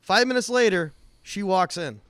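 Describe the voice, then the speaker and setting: A man's voice: sits high, lively intonation, normal speed, a bit bright, smooth, no echo. A man co-hosting a casual podcast, telling rambling shop anecdotes and acting out the quotes. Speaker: podcast co-host, auto technician. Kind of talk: casual storytelling chat.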